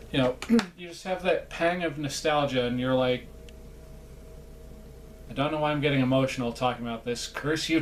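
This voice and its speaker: A man's voice: mid-range voice, slight background noise. A man chatting casually in a vlog, rambling and self-deprecating, with lots of fillers and asides. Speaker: vlogger.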